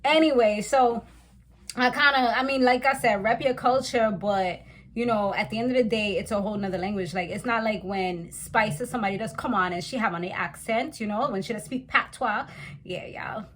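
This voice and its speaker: A woman's voice: on the high side, normal speed, a bit bright, a little hiss or hum. A woman from the West Indies giving a chatty, slangy recap of a reality TV episode, talking straight to her viewers.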